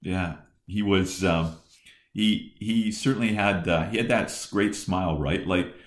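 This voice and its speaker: Low-pitched man in his fifties, chatty storytelling, echoey room. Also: measured pace. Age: 50s. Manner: animated storyteller with many restarts. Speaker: podcast host and former football coach. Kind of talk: conversational storytelling. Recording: roomy echo.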